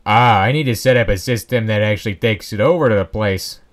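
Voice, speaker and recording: A man's voice: fairly low pitch, a little fast. A young man casually commenting on his own gameplay, rambling and joking at his own expense. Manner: rambling, self-mocking, joking asides. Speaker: Let's Play host.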